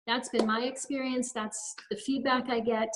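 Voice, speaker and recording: A woman, a holistic health practitioner, leading a guided breathing exercise with gentle step-by-step instructions over a webinar video call. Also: fairly high pitch, flat delivery, normal speed, poor audio.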